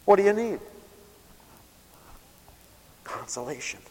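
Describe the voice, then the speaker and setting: A man preaching a radio sermon with passion, swelling loud on scripture and dropping low to tell stories. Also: big pitch swings, slow, slightly rough. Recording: long hall reverb.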